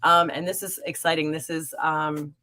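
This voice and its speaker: A young adult woman hosting a live stream as a psychic reader, chatting warmly and encouragingly with viewers. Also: low voice, level tone, moderate pace. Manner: warm, encouraging and upbeat. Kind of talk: live-stream chat reading viewer comments.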